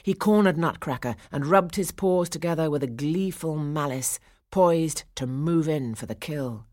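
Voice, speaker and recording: A woman narrating a children's storybook, hushed in quiet passages and rising for the dramatic ones. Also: low voice, expressive, a little slow, few pauses, no room sound, clean studio sound. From England. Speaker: audiobook narrator.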